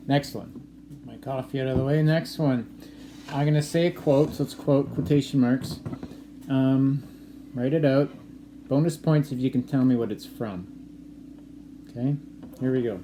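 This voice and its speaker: A man from Canada, a teacher, reading sentences aloud for his students to write down, repeating each one slowly and explaining punctuation. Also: mid-range voice, background noise. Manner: slow, clearly dictated phrasing, repeating sentences. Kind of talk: dictation lesson to students.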